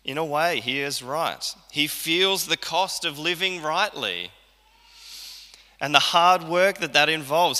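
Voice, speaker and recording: Bright-voiced man preaching in a hall. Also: a little high. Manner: conversational preaching, acts out quoted lines. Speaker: pastor. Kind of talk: sermon. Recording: church hall reverb.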